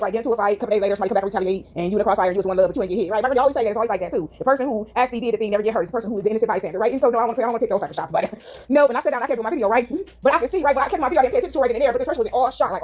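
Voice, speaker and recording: A woman vlogger telling her viewers a long, animated story in a rapid monologue, often tagging her sentences with a questioning "right?". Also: a little high.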